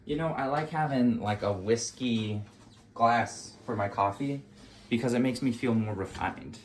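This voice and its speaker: A man's voice: mid-range voice, measured pace, a little hiss or hum. A man vlogging at home as he brews coffee, talking in a rambling, self-mocking, joking way. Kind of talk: casual how-to chat while brewing coffee.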